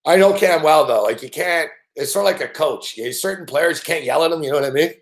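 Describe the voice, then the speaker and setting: A fast-talking man with a slightly high voice hosts a sports betting show, casually telling a story while swearing nonstop and laughing often.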